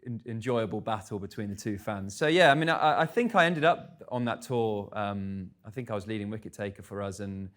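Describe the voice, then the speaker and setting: A man's voice: fairly low pitch, a little fast, hardly any pauses. A man, speaking candidly on stage at a live event and telling self-deprecating stories. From England. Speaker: guest speaker.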